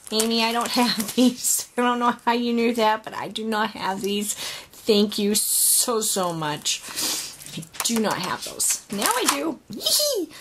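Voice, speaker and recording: In a casual home vlog, a woman crafter with a medium-pitched voice unboxes a handmade gift, gushing emotionally with plenty of sighs and exclamations. She's in her home craft room with a dog nearby, and there's slight background noise.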